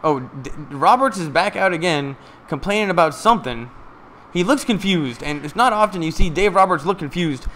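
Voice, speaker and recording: A man giving casual, excited live play-by-play of a ball game from a stream, chatting to his viewers. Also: a little high, normal speed, slight background noise.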